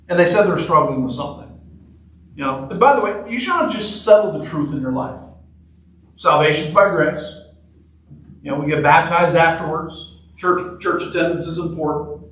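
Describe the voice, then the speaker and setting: A man's voice: sits high, a bit bright. A man preaching a sermon in a conversational, joking way, repeating short phrases for emphasis. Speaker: pastor. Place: church sanctuary. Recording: echoey church hall from far off.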